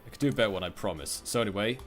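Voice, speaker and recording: A man's voice: fairly low pitch, lively intonation, very fast, soft background music. A man hosting a let's-play, chatting casually over his gameplay with plenty of fillers and restarts. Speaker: gaming let's-play host. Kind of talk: casual game commentary.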